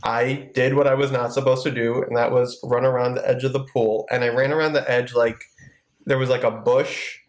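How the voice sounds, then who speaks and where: A man telling a childhood story in casual chat, animated, laughing often and swearing casually. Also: medium pitch, a little fast, reverberant. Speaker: podcast co-host.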